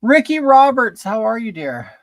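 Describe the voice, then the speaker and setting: A man's voice: extremely high pitch, big pitch swings, normal speed, no room sound. A man hosting a casual livestream from home while doing his makeup, chatting and greeting viewers by name. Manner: chatty, reads viewer comments aloud and greets them. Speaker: livestream host.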